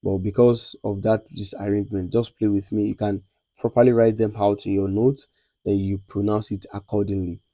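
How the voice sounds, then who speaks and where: A man with a Nigerian accent teaching a beginners' lesson, repeating sounds slowly and checking that students follow. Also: on the low side, flat delivery, mellow, dry recording. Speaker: lecturer. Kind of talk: classroom lesson on French letters.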